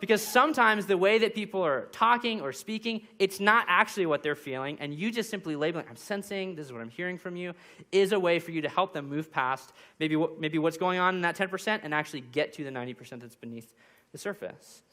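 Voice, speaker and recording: A man's voice: a little high, fast, pushed and bright. A young man giving a sermon as pastor, walking through numbered points and acting out little example quotes. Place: church.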